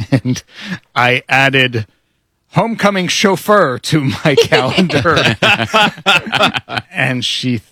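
A man's voice: medium pitch, animated, drawn-out words, long pauses, sharp tone, slightly rough, no room sound. A man hosting a morning radio show, telling stories in a chatty way during casual studio banter. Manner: chatty storytelling, laughs along.

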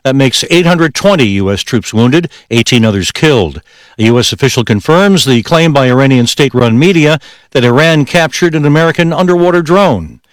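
A man reading a radio news bulletin in a crisp, even newscaster delivery. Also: mid-range voice, brisk, dry recording.

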